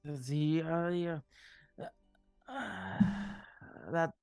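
Slow, halting game master man. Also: mid-range voice, no echo, soft background music. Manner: hesitant, filler-heavy narration. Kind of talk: narrating a tabletop game.

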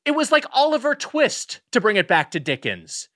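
Bright-voiced man reviewing food. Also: very high voice, very animated, moderate pace. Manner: rambling, restarts often, emphatic. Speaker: podcast co-host. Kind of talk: casual comedic food review chat.

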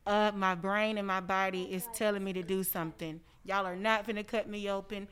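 A woman, a rapper guesting on a podcast, telling lively stories and acting out quotes with frequent laughs. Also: medium pitch, a little fast. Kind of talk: animated storytelling in casual chat.

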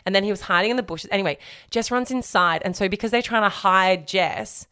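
A woman co-hosting a casual podcast recap, her voice sitting at an ordinary middle pitch. She tells the story in an animated way and acts out the scenes with little voices. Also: fairly quick, smooth, no room sound, studio quality. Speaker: podcast co-host.

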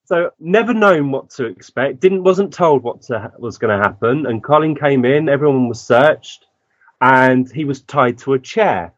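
A man's voice: medium pitch, lively intonation, normal speed, no echo. Man, storytelling guest, acts out quotes, dull lo-fi audio, dry. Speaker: guest medium. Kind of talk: personal storytelling.

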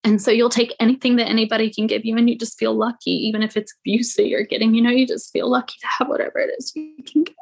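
A young adult woman, a podcast guest, telling her own painful story in a halting way, with many "like" fillers. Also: on the high side, fairly even intonation, creaky, breathy edge. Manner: halting, frequent "like" fillers, quotes others in raised voice. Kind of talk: emotional personal storytelling.

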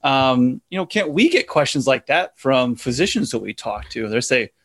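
Musing man, host, halting phrasing. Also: mid-range voice, big pitch swings, a bit bright. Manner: thoughtful, restarts phrases, many "you know"s. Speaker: podcast host. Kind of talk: interview conversation.

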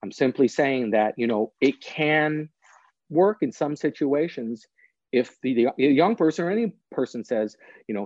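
A man's voice: mid-range voice, lively intonation, unhurried, darkish tone, dry recording, dull audio. A man, a guest author and prosecutor, explaining practical steps in an earnest, plain-spoken way during a podcast interview.

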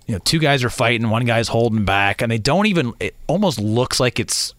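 A sports radio host in casual conversation, a man with a mid-pitched voice. He tells stories with energy and slips into deadpan impressions. The studio sound is dry and close. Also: fairly quick, no echo. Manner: animated storyteller, acts out deadpan quotes.

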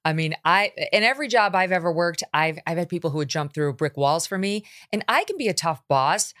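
A middle-aged woman hosting a talk show, blunt and animated, quick to laugh. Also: lowish voice. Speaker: host.

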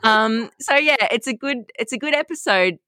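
A woman co-hosting a casual parenting chat, relaxed and wry with many fillers. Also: a little high, normal speed, no echo, clean studio sound. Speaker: podcast co-host.

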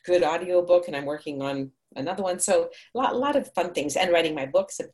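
A woman's voice: fairly low pitch, expressive, fast, a little mellow. A middle-aged woman from Hungary, an actress, chatting upbeat in an interview, digressing and laughing often. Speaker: actress and audiobook narrator. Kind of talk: casual interview answers.

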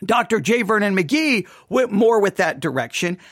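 Guy doing a casual bible study, lots of restarts, acts out the verses, very lively voice. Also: high-pitched, normal speed, no room sound, studio quality. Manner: animated, voices God's words with rising emphasis; restarts and fillers, conversational. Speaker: Bible teacher. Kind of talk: informal Bible study talk.

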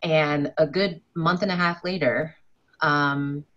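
A woman with a low voice joins a live stream over a video call to ask a question. Her audio is dull and lo-fi. She speaks earnestly and hesitates with "um" now and then. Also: steady tone, slow pace, fairly bright tone. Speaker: audience member asking a question.

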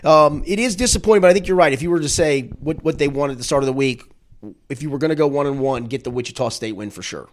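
A man talking college basketball on a podcast, animated and thinking aloud. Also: on the high side, fast talker. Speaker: basketball analyst guest. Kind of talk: casual sports chat.

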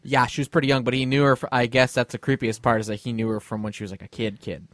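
A man's voice: medium pitch, little pitch movement, fast talker, fairly bright tone, no room sound, studio quality. A young man co-hosting a casual podcast chat, joking around and steering the talk back on track. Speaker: podcast co-host.

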